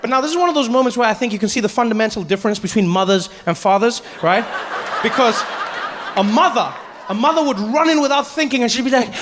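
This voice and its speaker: A male comedian tells a story on stage in a fairly high voice and acts out the people in it with lively energy. Faint ambience and laughter sit quietly behind him. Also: fast talker, big-room sound, background noise. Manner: animated, acts out characters. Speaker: stand-up comedian. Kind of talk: stand-up storytelling.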